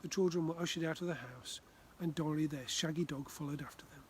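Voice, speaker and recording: A man from the Far North of Scotland reading his children's book aloud, gently. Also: on the high side, a little fast, a little hiss or hum. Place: outdoors by a frozen loch.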